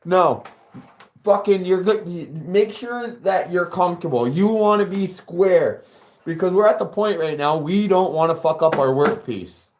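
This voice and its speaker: A man's voice: sits high, moderate pace, a little mellow, slight background noise. A man giving a casual workshop build tutorial as a car audio installer, chatty and profane, talking straight to his viewers.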